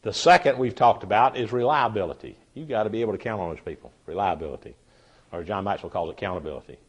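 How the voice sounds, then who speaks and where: A man's voice: lowish voice, quick pace, muffled recording. Folksy man teaching a workshop. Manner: folksy, repeats key phrases for emphasis. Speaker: leadership trainer. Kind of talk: workshop lecture with stories.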